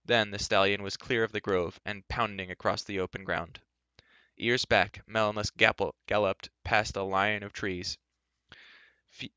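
Man, low clear voice, reads a novel aloud in even storytelling, dry dull lo-fi sound. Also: no room sound. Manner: steady storytelling with occasional word slips. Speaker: reader. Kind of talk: reading a fantasy novel aloud.

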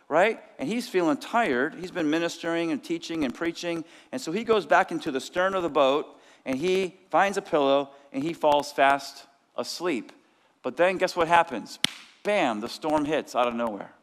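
A male pastor preaching a lively sermon, sometimes shouting out the lines of the people in his story. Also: fairly high pitch, moderate pace. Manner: energetic preaching, acts out disciples' cries. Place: church sanctuary. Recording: long church hall reverb.

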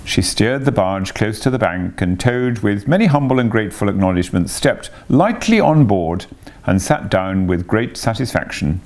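A man reading a classic children's book aloud in an animated, expressive way. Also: low-pitched, normal speed, gravelly. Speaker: storyteller.

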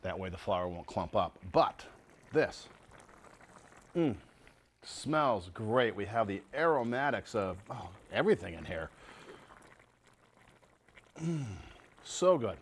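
A man's voice: fairly low pitch, big pitch swings, slow, long pauses, a little hiss or hum. A man hosting a casual home cooking show, chatting to viewers as he tastes and cooks. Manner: chatty, tasting food and talking to viewers as folks.

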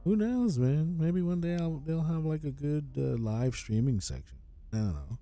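A man chatting casually on a gaming live stream, excitable, swearing and calling everyone "dude". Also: a little high, normal speed, soft background music.

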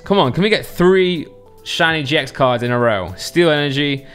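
A man's voice: fairly high pitch, lively intonation, fairly bright tone, clear, resonant tone, soft background music. A man chatting casually to viewers as he opens card packs, joking and reading out card names. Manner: chatty and jokey, reads card names quickly. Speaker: card collector opening packs. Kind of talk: casual unboxing commentary.

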